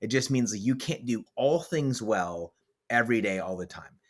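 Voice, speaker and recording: A man's voice: on the low side, animated, moderate pace. A man hosting a podcast as author and coach, talking in a blunt, emphatic way with vivid swearing. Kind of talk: casual podcast conversation.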